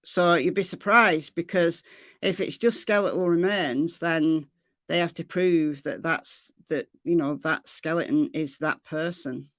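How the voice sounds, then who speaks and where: In an unhurried, low-pitched voice, a woman from Lancashire, England, hosts a casual true crime livestream and answers viewers with a Lancashire accent. She chats, repeats her phrases and reads the chat out loud, recorded dry and close to the mic.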